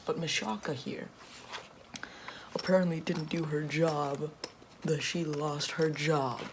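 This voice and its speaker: A young woman voicing a greedy, cruel billionaire boss man in a comic whispered role-play, with a put-on deeper, soft, whispery voice and a smug, mocking manner. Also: background noise.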